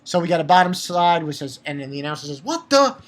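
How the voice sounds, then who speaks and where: A man giving a casual, excitable spoken review of a manga chapter, swearing and repeating himself for emphasis. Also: a little high, fast talker. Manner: excitable, profane, laughs often; repetitive, emphatic.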